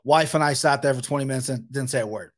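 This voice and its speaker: A man appearing as a podcast guest, talking as a frustrated fan in animated, profane rants. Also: medium pitch, quick pace. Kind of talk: casual sports podcast chat.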